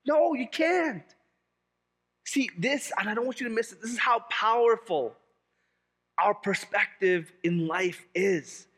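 A male pastor preaching a sermon in an animated, humorous way, often repeating key phrases for emphasis. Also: high-pitched, a little slow, breathy edge, big-room sound.

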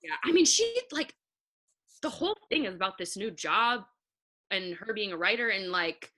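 A young woman guesting on a casual podcast, talking about a film with animated energy and frequent laughter. Her voice has a sharp, bright edge at a middle pitch, and she leans on "like" as she goes. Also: moderate pace. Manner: animated, laughing, says "like" often. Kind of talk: casual chat about a movie.

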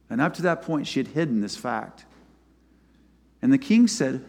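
A man preaching a sermon and retelling a scripture story, his voice swinging from loud to soft. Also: mid-range voice, very animated, normal speed, gravelly, pauses often. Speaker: pastor. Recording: long hall reverb.

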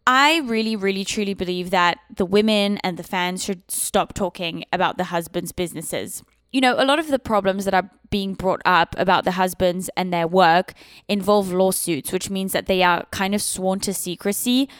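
A young woman hosting a podcast, blunt and sassy, swearing freely as she gives her opinions. Her voice is smooth and crisp, and the close mic leaves it dry with no room sound. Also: medium pitch, normal speed, dry recording. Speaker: podcast host. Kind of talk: casual opinionated recap.

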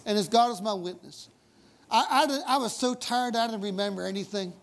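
A man with a high, creaky voice speaks fairly quickly while preaching. His sermon is conversational and folksy, built around stories with emphatic asides.

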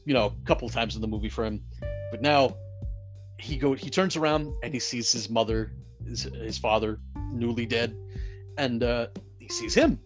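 A man casually recapping a movie, rambling with lots of fillers and some swearing, getting worked up over the action. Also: medium pitch. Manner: rambling, heavy "you know" and "like" fillers, profane; grows excited and loud at the climax.

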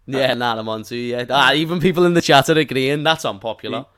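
Scouse male guest, cocky banter, smooth resonant tone. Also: mid-range voice, quick pace, a bit bright. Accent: Liverpool Scouse. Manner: cocky banter, quotes fans in raised voice. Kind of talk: casual stream chat.

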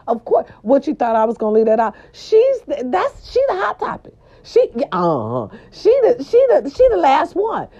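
Woman, gossip host, profane, sweeping pitch swings, mellow tone, dull lo-fi recording. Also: slightly rough. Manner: loud, animated, swooping and profane. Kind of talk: casual celebrity gossip monologue. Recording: dull lo-fi sound.

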